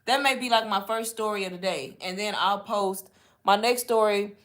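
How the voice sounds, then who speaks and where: A woman's voice: medium pitch, moderate pace, fairly bright tone. Chatty woman coaching. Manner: chatty, instructive, often says y'all. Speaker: online marketing coach. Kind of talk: casual live Q&A teaching.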